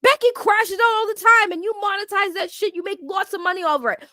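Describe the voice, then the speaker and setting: Heated woman ranting on a commentary show, high voice, dry sound, cusses constantly. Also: fast talker, sharp tone, no room sound. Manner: fired up, swears a lot.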